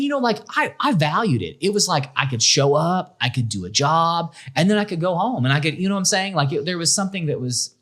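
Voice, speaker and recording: A middle-aged man, a school principal, telling his story in a relaxed interview, lively and full of restarts as he acts out what others said. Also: on the high side. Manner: animated, acts out quoted voices, many restarts. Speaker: school principal, podcast guest.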